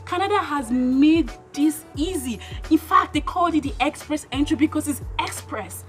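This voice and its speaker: A woman's voice: very high voice, lively intonation, normal speed, a bit bright. A woman from Nigeria, giving opinionated vlog commentary in an emphatic way, full of rhetorical questions. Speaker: vlogger. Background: background music.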